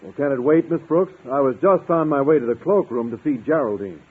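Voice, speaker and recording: A man's voice: mid-range voice, fairly quick, breathy edge, natural voice. An actor playing a mild, earnest man biology teacher in a 1950s radio comedy. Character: shy, gentle man biology teacher, fond of animals. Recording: tinny old radio broadcast.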